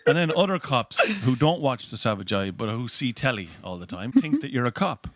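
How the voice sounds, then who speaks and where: A man's voice: mid-range voice, brisk, heavy background noise. An Irish man, a guest comedian, telling anecdotes in casual chat and acting out the voices of people in them. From Ireland. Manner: animated storyteller, acts out voices.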